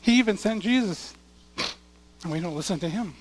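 A man preaching a sermon as a pastor, reading scripture aloud and swinging between loud declarations and hushed asides. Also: sits high, expressive, normal speed. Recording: long hall reverb.

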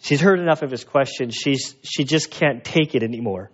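A man preaching a sermon in a lively, animated way, acting out the voices of people in the story. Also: mid-range voice, normal speed, few pauses, slightly rough, lo-fi sound. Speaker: pastor.

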